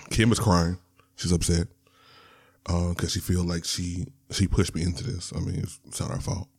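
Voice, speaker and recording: Deep-voiced man telling a personal story. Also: little pitch movement, moderate pace, a little mellow, breathy edge. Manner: candid, rambling, with laughs and restarts. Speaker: podcast host.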